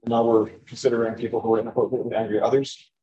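Guy preaching a chill bible sermon, warm mellow voice, kinda stumbles and repeats words. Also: medium pitch, level tone, racing, muffled recording, a little hiss or hum. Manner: conversational, often repeats words while searching.

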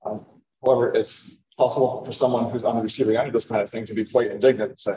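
A man's voice: mid-range voice, fairly even intonation, fast talker, warm tone, poor audio. A man giving a sermon on scripture in a conversational way, often repeating words as he finds them. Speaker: preacher. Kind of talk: sermon, Bible teaching.

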